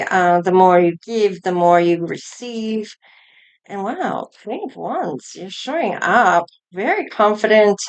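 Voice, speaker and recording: A woman's voice: mid-range voice, clean tone. A woman giving a collective tarot reading, musing aloud as she turns over each card. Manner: slow, musing, thinking aloud between cards. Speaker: tarot reader.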